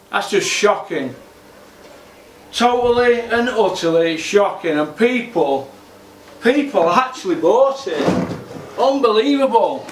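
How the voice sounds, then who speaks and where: Brief: man, high-pitched, fuming solo rant, recorded off-mic in an echoey gym. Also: recorded from a distance, a little hiss or hum. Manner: exasperated, repetitive ranting. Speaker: boxing commentator. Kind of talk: ranting vlog monologue. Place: home gym.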